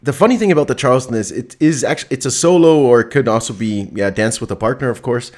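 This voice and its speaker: A man's voice: medium pitch, fast talker, darkish tone. A man co-hosting a live stream, upbeat, reading out viewer comments and laughing easily. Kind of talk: casual live-stream chat.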